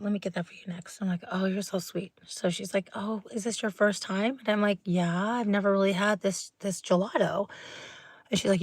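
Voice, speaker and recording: A woman's voice: medium pitch, dry recording. Woman, livestream host, rambling storyteller, dry close mic. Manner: rambling storytelling, drops to whispers. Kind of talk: late-night livestream chat.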